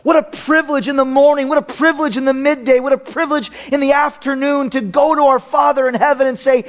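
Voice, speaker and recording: A man with a strikingly high-pitched voice delivers a sermon from the pulpit. He speaks emphatically and builds his points by repeating phrases. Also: steady tone, fast. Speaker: pastor.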